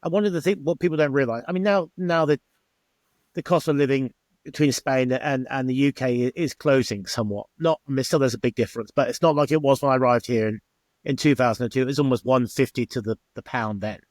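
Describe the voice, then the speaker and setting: A man's voice: medium pitch, fast talker, a little mellow, no echo. A middle-aged man, a former bar owner telling stories in an interview and acting out the exchanges he quotes. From England. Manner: chatty, acts out quoted exchanges. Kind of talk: interview storytelling.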